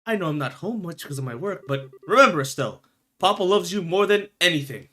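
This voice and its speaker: Doting game dad, soft and reassuring, bright kinda high voice, streamer guy reading it. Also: animated, quick pace, a little hiss or hum. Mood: tender. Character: gentle doting father, middle-aged man.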